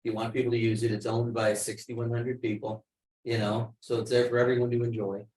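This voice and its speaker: A man's voice: medium pitch, flat delivery, a little fast, darkish tone. A man on a village board, talking through an issue at a public meeting and telling anecdotes in a conversational way. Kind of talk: meeting discussion. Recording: roomy meeting hall with faint background noise.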